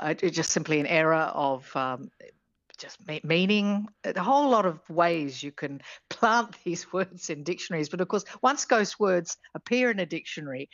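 A woman's voice: low voice, no room sound. Hesitant woman professor on a dull line. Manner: hesitant, many fillers and restarts, laughs often. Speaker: linguistics professor guest. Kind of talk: radio interview explanation.

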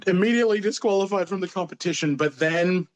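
A man's voice: sits high, fast. A man, a stand-up comedian, telling stories in a casual interview and acting out the voices of people he quotes. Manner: animated, acts out quoted voices.

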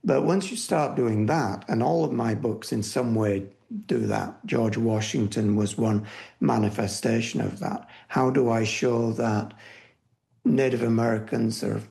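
Older male historian, gravelly voice, mellow tone, thoughtful interview talk. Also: medium pitch, steady tone, measured pace. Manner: thoughtful, with restarts and "you know". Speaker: historian guest. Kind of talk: conversational interview.

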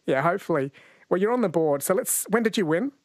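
A man's voice: high-pitched, expressive, fast talker, no echo. A man of about forty, hosting a late-night radio talkback show in a chatty, storytelling way from a studio microphone. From New Zealand.

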